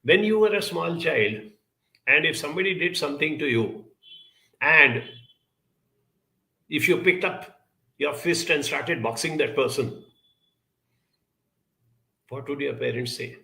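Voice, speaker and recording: A man speaks as a podcast guest in a measured, emphatic manner, leaving long pauses. His voice is gravelly and bright. The sound bounces around a reverberant room. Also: on the high side, expressive. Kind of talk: reflective storytelling.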